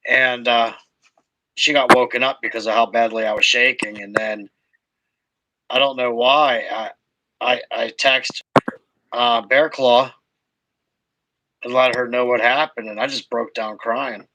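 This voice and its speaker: A man hosting a casual livestream recap, telling his story slowly with halting restarts. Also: medium pitch, steady tone, pushed and bright, dry recording, low-quality recording. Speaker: host.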